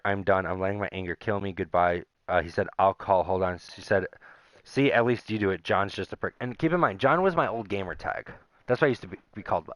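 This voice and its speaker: With a lowish, slightly bright voice and no echo, a young man who makes gaming videos rambles to his viewers. He reads old messages aloud in an aggrieved, casual vent to camera.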